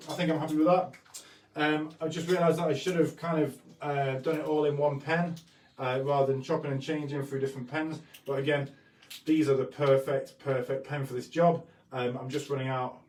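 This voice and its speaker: A man's voice: on the high side, darkish tone, slight background noise. A man hosting a live painting stream, chatting casually with a self-deprecating, apologetic manner. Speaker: painting livestream host. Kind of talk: casual live art demonstration. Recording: echoey room, mic at a distance, faint music. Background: faint background music.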